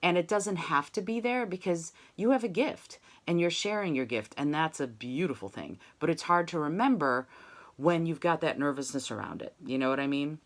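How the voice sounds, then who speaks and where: A woman's voice: low-pitched, animated, normal speed. A woman voice teacher giving a one-on-one singing lesson, talking in an encouraging, reflective way with frequent "you know"s.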